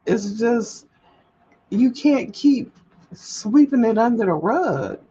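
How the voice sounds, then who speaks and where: Printing paperwork at home, a woman on a casual livestream speaks slowly in a mellow, expressive voice on the high side. She rambles openly and leans on emphatic repetition; the sound is a bit dull with a faint hum underneath.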